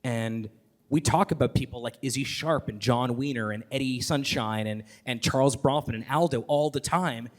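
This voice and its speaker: A man talking onstage as a podcast host, enthusiastic and rapid, with many fillers, restarts and the odd swear word. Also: medium pitch. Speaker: podcast host and guest speaker. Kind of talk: live onstage conversation.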